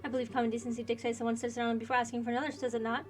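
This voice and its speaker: A woman voicing a taunting villainous dark knight. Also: on the high side, level tone, rapid-fire, natural voice. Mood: mocking. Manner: taunting, theatrical. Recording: faint game music behind.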